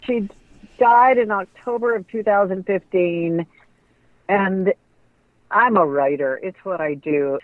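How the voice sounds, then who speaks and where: A woman's voice: medium pitch, takes it slowly, long pauses, dry recording. Woman telling stories over a tinny line. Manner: animated storyteller who acts out quoted voices. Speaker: radio personality and author guest. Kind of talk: conversational storytelling interview. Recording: tinny phone-like line, dry.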